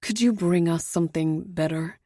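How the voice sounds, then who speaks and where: A woman's voice: on the low side, moderate pace, mellow, no echo, studio quality, natural voice. A woman voicing a wealthy, condescending man in his forties in an audiobook, speaking in a cool, dismissive way.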